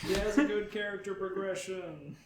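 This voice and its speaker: High voiced podcast guy, teasing, always laughing, faint hiss. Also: steady tone, moderate pace. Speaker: podcast co-host. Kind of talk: casual chat. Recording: echoey room, faint noise.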